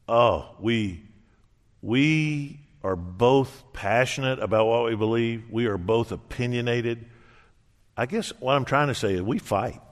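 A middle-aged man preaching a sermon, telling a personal story with earnest warmth and acting out quoted dialogue. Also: on the low side. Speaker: pastor. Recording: reverberant hall.

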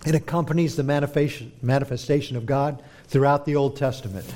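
Male preacher, mid-range voice, dramatic sermon delivery with hushed lows and forceful peaks. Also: steady tone, fast. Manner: dramatic, swings between hushed and forceful emphasis.

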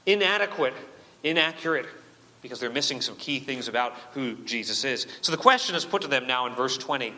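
A man's voice: mid-range voice, animated, fairly quick, bright, forceful tone. A man preaching a sermon as pastor, emphatic and full of rhetorical questions. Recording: long reverb of a church hall.

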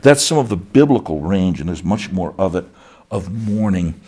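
A man's voice: low voice, lively intonation, normal speed, darkish tone, husky. A middle-aged man preaching a sermon as pastor, earnest, often repeating words as he builds a point.

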